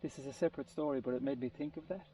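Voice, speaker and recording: Racing along in a steady, dark, medium-pitched voice, a man in a casual group chat tells a long, meandering story, searching for words and restarting sentences often. Slight background noise accompanies a distant, muffled lo-fi recording.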